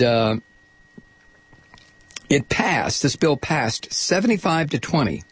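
Animated sarcastic male talk radio host. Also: mid-range voice, slightly rough, no echo. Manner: animated, sarcastic, rising to outraged shouting. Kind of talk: political talk radio monologue.

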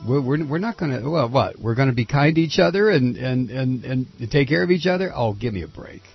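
A man hosting a political talk radio show, indignant and sarcastic, halting often with fillers and restarts. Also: mid-range voice, expressive, creaky, muffled recording, soft background music.

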